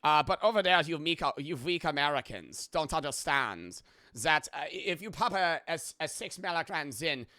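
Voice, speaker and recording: A man's voice: on the high side, animated, moderate pace, pushed and bright, no room sound, clean studio sound. A man putting on a stereotypical movie German accent, playing a smug German man who brags about nicotine tolerance and mocks weak Americans.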